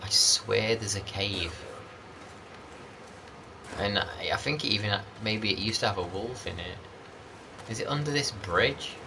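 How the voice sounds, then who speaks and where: A man's voice: fairly low pitch, measured pace, gravelly, pauses often, background noise. A man chatting casually over gameplay as a channel host, rambling and greeting viewers by name.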